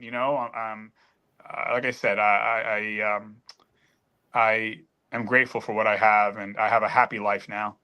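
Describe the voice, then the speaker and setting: A man's voice: medium pitch, sharp tone. A middle-aged man telling a painful personal story on a panel, earnest and emphatic, choked up at times. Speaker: panel guest.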